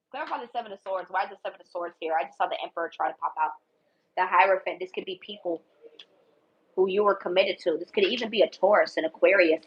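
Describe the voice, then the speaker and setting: A woman's voice: mid-range voice, a bit bright. A woman doing a casual tarot reading for viewers, talking bluntly with lots of swearing and repetition. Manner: blunt, profane and emphatic, repeats herself. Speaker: tarot reader. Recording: dull lo-fi sound.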